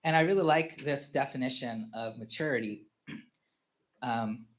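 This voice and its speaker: A father gives a personal testimony at a family church service in a medium-pitched voice. He speaks haltingly, with lots of "you know" fillers and restarts, and chuckles often as he tells his stories.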